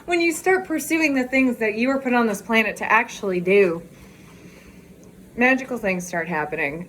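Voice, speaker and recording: A woman's voice: medium pitch, a little hiss or hum. A woman chatting on a walking vlog, out of breath and laughing often, recorded on a phone outdoors. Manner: bubbly, laughs often, excitable. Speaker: vlogger. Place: outdoors on a walk.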